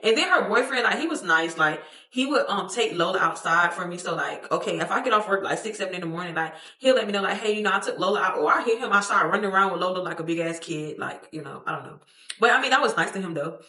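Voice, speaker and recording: Bright-voiced young woman telling a story. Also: lowish voice, fast talker. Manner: expressive, slangy, profane, acts out quotes, laughs often. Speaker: storytime vlogger. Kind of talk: animated storytelling to camera. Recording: echoey room.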